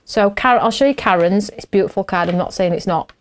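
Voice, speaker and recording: A woman's voice: medium pitch, fast talker. A middle-aged woman, chatting and laughing as she hosts a craft show while she works. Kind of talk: casual chat while crafting.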